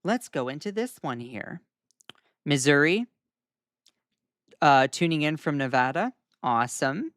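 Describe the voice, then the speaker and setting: A young man hosting casual live-stream news commentary, chatty and animated as he reacts to viewer comments. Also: a little high, unhurried, long pauses, dry recording, studio quality.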